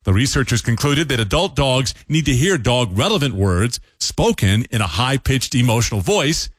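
A man hosting a scripted radio feature segment, upbeat and animated with playful asides. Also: medium pitch, normal speed, slightly rough, no room sound, studio quality. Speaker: radio host.

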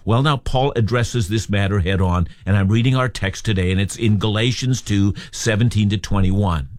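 A man's voice: lowish voice, normal speed, darkish tone, no echo, clean studio sound. A man preaching an expository sermon, reading scripture and explaining it with emphatic rhetorical questions.

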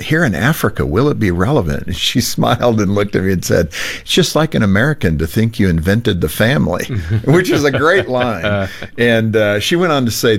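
A man hosting a radio talk show, speaking in a reflective, conversational way. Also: fairly low pitch. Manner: reflective, conversational, lively delivery.

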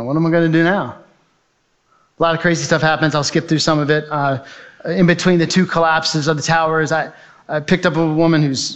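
A man's voice: on the high side, a bit bright, muffled recording. A man giving a testimony as a speaker, telling his story vividly and urgently and acting out the voices in it. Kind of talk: dramatic personal storytelling speech.

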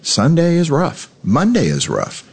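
A man's voice: on the high side, wildly swooping pitch, measured pace, vocal fry, slightly rough. A man hosting a conversation, talking casually and thinking aloud as he asks questions. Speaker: radio show host. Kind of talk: conversational interview.

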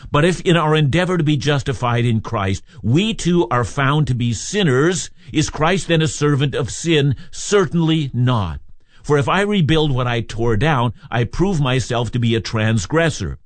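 A man's voice: mid-range voice, no room sound. A man preaching a sermon, reading scripture aloud and explaining it verse by verse with emphatic points. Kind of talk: radio Bible teaching.

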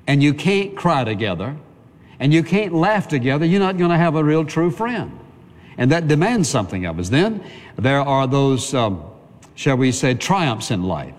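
A man preaching a sermon as pastor, earnest and conversational, piling up repeated phrases. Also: fairly high pitch. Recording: long reverb of a big hall.

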